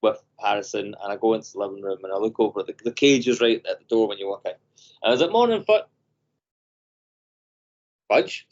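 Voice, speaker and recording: A man co-hosting a podcast over a video call, telling animated stories and acting out voices. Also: on the low side, very fast, lo-fi sound. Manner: animated storyteller, acts out voices. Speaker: podcast co-host. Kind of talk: casual chat.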